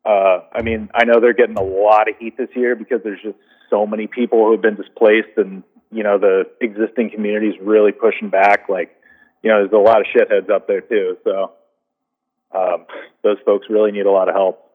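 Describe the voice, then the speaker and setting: A man's voice: fairly low pitch, flat delivery, a little fast, slightly rough. A man calling in to a talk show, speaking casually and rambling with many fillers. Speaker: caller. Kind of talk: call-in radio chat. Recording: tinny phone line.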